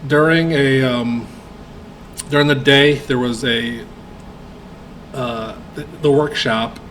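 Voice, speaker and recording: A man's voice: medium pitch, fairly even intonation, a bit bright, slight background noise, low-quality recording. A man co-hosting a casual podcast chat, trading jokes and telling a story with many fillers. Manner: chatty, quick to laugh, trails off in fillers. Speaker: podcast co-host. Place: podcast studio.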